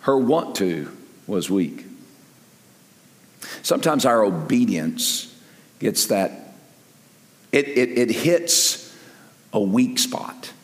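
Animated older preacher in echoing hall. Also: male voice, drawn-out words, pauses often. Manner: lively preaching that swings from loud peaks to soft low asides. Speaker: pastor. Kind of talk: sermon. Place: large church sanctuary with long reverb. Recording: echoey hall with long reverb.

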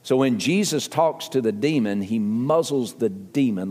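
An older pastor with a Southern accent preaches in a church sanctuary, his medium-pitched, darkish voice measured and trailed by long reverb. He's earnest and emphatic, building to appeals through repeated phrases.

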